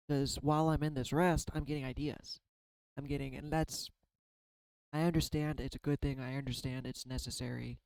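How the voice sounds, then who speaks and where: A man's voice: mid-range voice, a little mellow, clean tone, no echo, rough recording. A tired man in his thirties talking casually and candidly in a rambling way, now and then swearing. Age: 30s. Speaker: tarot reader and artist. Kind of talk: casual spiritual vlog.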